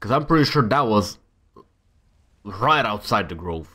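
A man's voice: lowish voice, expressive, measured pace, pushed and bright. A young man casually commenting on his own gameplay, talking to himself with exasperated outbursts. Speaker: gamer. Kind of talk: let's-play commentary.

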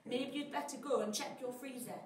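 A woman reads a children's bedtime story aloud with lively, dramatic expression. Her voice sits high and sounds a little distant in an echoey room, with faint background noise behind it. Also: fairly quick.

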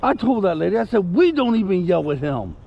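A man's voice: high-pitched, very animated, a little fast, gravelly, lo-fi sound. A man telling a story casually to camera, indignant and rambling, breaking off to give commands to his puppy. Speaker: vlogger.

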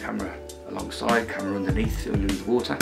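Middle-aged dad from birmingham, dry and teasing, explains stuff at length, music playing. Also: male voice, on the low side, flat delivery, fast, creaky. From Birmingham, England. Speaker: vlogger's father. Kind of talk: casual chat.

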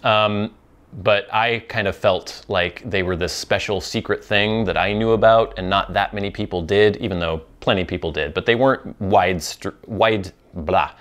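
A man's voice: fairly low pitch, normal speed, a bit bright. A man hosting a pipe-smoking talk show, rambling through viewer questions in casual chat, with frequent ums and restarts.

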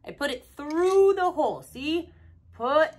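Slow sing-song woman teaching toddlers. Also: high-pitched, expressive, a little hiss or hum. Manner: sing-song, repetitive, gently coaxing. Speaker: children's educational host.

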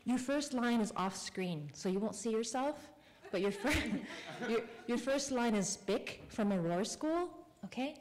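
A woman author casting audience volunteers for a live reading, friendly and quick to laugh. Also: on the high side, expressive, a little mellow. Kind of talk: casual talk to a live audience. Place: public library event room. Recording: long hall reverb.

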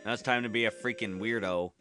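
A man voicing a video game playthrough in a low, bright and forceful voice, reading the on-screen lines and cutting in with crude, silly asides. Faint game music runs underneath. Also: fairly even intonation, fast. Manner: crude, goofy, swears a lot. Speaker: let's player. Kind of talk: game commentary and reading dialogue aloud.

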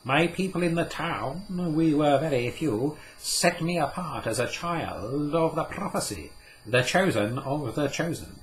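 A man's voice: fairly high pitch, lively intonation, unhurried, voice pushed up. A man putting on a proud, scornful medieval scholar. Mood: bitter, proud. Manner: declaiming, ringing, triumphant.

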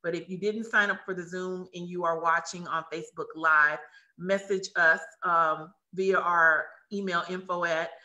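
A woman hosting a live webinar over a video call, excited and effusive, with many restarts. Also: on the low side. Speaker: webinar host.

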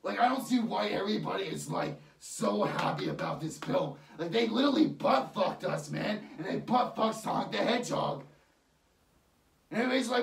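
A man's voice: high voice, lively intonation, normal speed, gravelly. A man ranting about a film in a heated, mocking way, swearing constantly. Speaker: online ranter. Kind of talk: profane rant. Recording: echoey room, far from mic.

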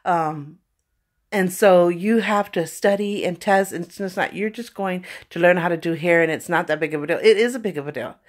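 A woman with a slightly low voice tells personal stories to her viewers in a relaxed, chatty way. She keeps dropping in little filler phrases as she talks. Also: moderate pace. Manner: conversational, many "you know" fillers. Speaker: vlogger. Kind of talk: casual personal storytelling.

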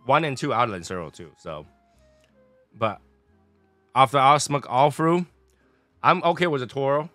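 A man talks through a casual review, rambling and playful. His voice is bright and dry, close to the mic. Faint music plays under him. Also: medium pitch, a little slow, long pauses, dry recording. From Taiwan. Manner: chatty, rambling, playful tangents. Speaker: cigar and spirits reviewer.

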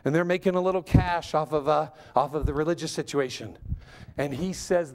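A male guest preacher gives a lively sermon in a chatty, humorous style. His voice sits notably high. He talks to the congregation as if telling a story among friends. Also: fairly quick, slight background noise. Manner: animated, joking, conversational.

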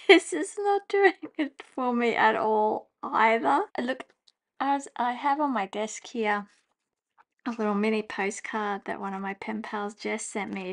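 A woman, chatting casually at her desk as she journals, laughing often and breaking into excited exclamations. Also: medium pitch, creaky. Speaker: journaling vlogger. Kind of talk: casual chat while journaling. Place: home desk.

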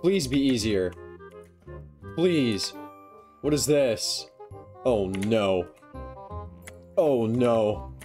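An excitable young man talks through his game session, joking at his own expense and yelping whenever he slips up. His voice sits at an ordinary middle pitch, and faint music plays behind him. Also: extremely slow, long pauses. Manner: excitable, self-mocking, yelps when failing. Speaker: gaming YouTuber. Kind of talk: casual gameplay commentary.

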